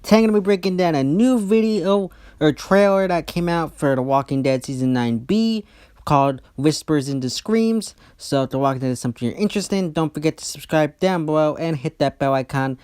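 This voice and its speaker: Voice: mid-range voice, brisk, a little mellow, smooth. A YouTube host giving a casual, opinionated breakdown of a TV trailer, often stopping and restarting sentences.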